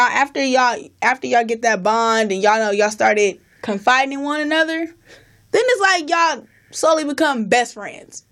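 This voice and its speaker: Brief: young woman podcast co-host, slightly high voice, laid-back, explains with lots of "you know.". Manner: relaxed, explains step by step with many "you know"s. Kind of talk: casual podcast chat.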